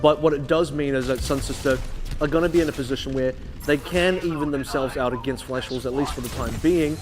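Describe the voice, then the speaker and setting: A man casting a live esports match, breaking down plays in a measured, analytical way. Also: mid-range voice, over music. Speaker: esports caster.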